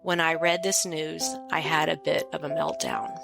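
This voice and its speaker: A woman hosting a podcast, choked up as she makes a somber announcement in a halting, emotional way. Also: deep voice, fairly even intonation, gravelly. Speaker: podcast host. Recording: music playing underneath.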